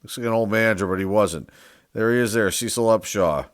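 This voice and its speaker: A man's voice: on the low side, a little fast, clean tone, no echo, clean studio sound. A man, a sports card collector, chatting casually and unsure of himself as he opens a box of cards, thinking aloud and reading off player names. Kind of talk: casual card-opening commentary.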